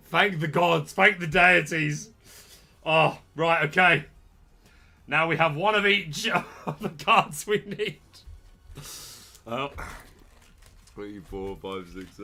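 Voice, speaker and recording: A man, hosting a card-opening video with jokey, excitable commentary and bursts of shouting. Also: fairly high pitch, slow, pauses often. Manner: excitable, jokey trash talk with sudden shouts. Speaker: trading card channel host. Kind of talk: casual pack-opening commentary.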